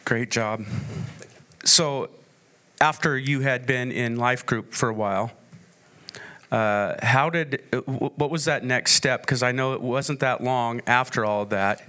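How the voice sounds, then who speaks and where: A man's voice: medium pitch, measured pace, bright, forceful tone, a faint crowd. A man interviewing a speaker on stage at a conference, prompting him with short questions.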